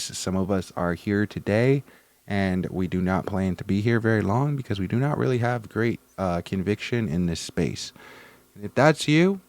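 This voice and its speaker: A man giving casual, animated crypto market commentary to his viewers, swinging between loud and soft. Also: on the low side, no room sound. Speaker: crypto YouTuber.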